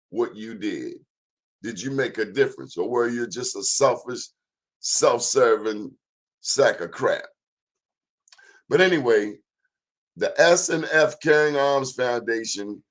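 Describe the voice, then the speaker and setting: A man hosts his own show and talks straight to the audience. His delivery is emphatic and preachy, full of folksy sayings. His voice sits at an ordinary, middle pitch for a man. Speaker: show host. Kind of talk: talk show monologue.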